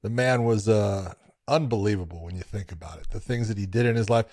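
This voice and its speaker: A man co-hosting a podcast, chatting casually and telling stories with lively, profane asides. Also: fairly low pitch, fairly quick, no room sound, clean studio sound. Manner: lively storytelling, casual swearing. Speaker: podcast co-host. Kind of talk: casual chat.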